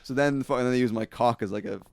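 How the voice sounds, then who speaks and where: Guy rambling through a sweary story on a podcast, mid pitch, dead dry mic. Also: fast talker, vocal fry, no room sound. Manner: profane, rambling, animated. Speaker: podcast co-host. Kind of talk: casual storytelling.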